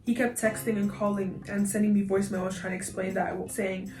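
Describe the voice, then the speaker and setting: A woman's voice: mid-range voice, flat delivery, a little fast. Young woman YouTuber, laughing, slangy reactions, roomy echo, faint music under. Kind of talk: reading online posts aloud with reactions.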